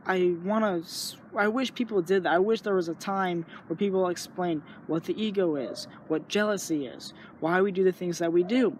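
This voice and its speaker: A man's voice: sits high, a little hiss or hum. A young man talking earnestly in a rambling, casual way, sharing his thoughts and acting out little inner voices. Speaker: vlogger. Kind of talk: casual spoken reflection.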